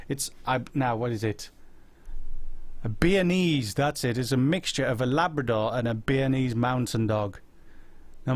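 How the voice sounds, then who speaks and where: A man's voice: mid-range voice, dry recording. Rambling man hosting a live chat. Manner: rambling, deadpan silly humor. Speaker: host. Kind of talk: casual live-stream chat.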